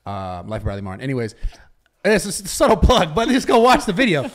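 Excitable man telling a rambling story. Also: on the high side, quick pace, a little hiss or hum. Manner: rambling, excitable storyteller who acts out quotes. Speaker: podcast host. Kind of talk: casual chat, animated storytelling.

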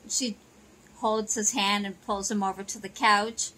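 Woman chatting thru a soap recap, bright crisp voice, easygoing retelling. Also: mid-range voice, measured pace, slight background noise, low-quality recording. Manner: chatty retelling with "you know" and "she goes". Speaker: soap opera recap narrator. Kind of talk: casual plot recap narration.

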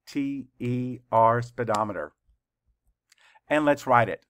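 A male teacher leading a children's spelling lesson, spelling each word out letter by letter with slow, deliberate dictation. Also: mid-range voice, expressive, fairly bright tone, clean tone, dry recording, clean studio sound.

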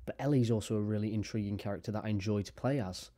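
A man's voice: lowish voice, very fast, mellow. A young man talking casually about video games, rambling with lots of fillers and frequent swearing. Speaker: gaming YouTuber. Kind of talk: casual chat to camera.

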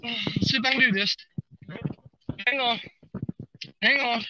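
A man, streaming live from a river bank and talking excitedly to his viewers while he fishes. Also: very high-pitched, a little slow, highs cut off, heavy background noise. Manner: excited, drawling, talks to viewers while reeling. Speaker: fishing livestreamer.

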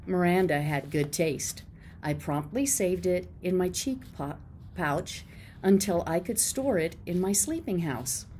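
A woman's voice: fairly low pitch, darkish tone, slight background noise. A woman teacher reading a children's chapter book aloud, expressively and with character voices.

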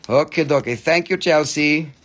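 A man selling crystals on a live stream, rattling off prices and teasing viewers in a playful, joking way that jumps from loud to mumbled. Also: on the high side, normal speed. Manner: playful, joking, swings between loud teasing and quiet muttering. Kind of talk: live sales stream patter.

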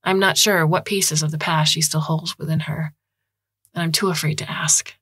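A woman reading a science fiction story aloud as podcast narrator, in a measured, even manner. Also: deep voice, slightly rough, no echo. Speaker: audiobook narrator.

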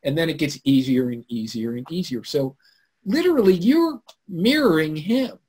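A man hosting a live webinar, telling a story in an animated way that swings from loud to hushed. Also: on the high side, moderate pace, slightly rough. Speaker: webinar host. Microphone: computer mic on a video call.

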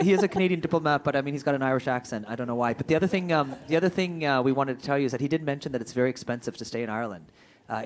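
A man moderating a trade forum, introducing speakers in a loose, joking way with many fillers. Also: medium pitch. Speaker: event moderator.

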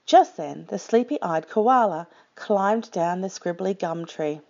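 Woman reading a picture book slowly. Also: fairly low pitch, gravelly, muffled recording. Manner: slow, expressive storytime delivery. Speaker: storyteller.

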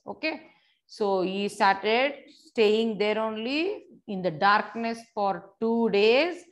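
A woman's voice: on the high side, fairly bright tone. Teacher lady reading a story to little kids, keeps explaining words and asking them stuff. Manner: repeats and explains words simply, addresses children directly.

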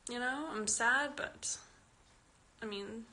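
A woman's voice: a little high, takes it slowly, pushed and bright, slight background noise. A fourteen-year-old girl from Canada, a young actress, chatting casually and giggling as she reads fan questions aloud on a phone live stream. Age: teens. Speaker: actress answering fans. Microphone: phone at arm's length.

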